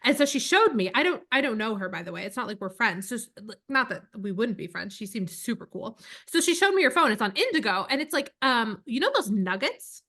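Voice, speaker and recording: A woman in her thirties with a high voice and a bright tone, co-hosting a relaxed podcast. She tells animated, chatty stories full of fillers. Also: fairly quick, hardly any pauses. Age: 30s. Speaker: podcast co-host. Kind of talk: casual chat.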